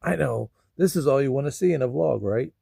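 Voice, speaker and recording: A man vlogging about feeling sad and sleepy, talking in a slow, rambling way with sudden loud bursts. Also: mid-range voice, animated, vocal fry, husky, no echo, studio quality. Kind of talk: emotional personal vlog.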